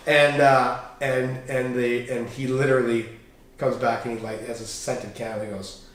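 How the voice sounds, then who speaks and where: A man's voice: medium pitch, normal speed. A man as a podcast guest, telling candid personal stories with swearing and acted-out dialogue. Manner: animated, swearing, acts out quoted dialogue. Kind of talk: candid storytelling interview. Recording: echoey room, distant mic.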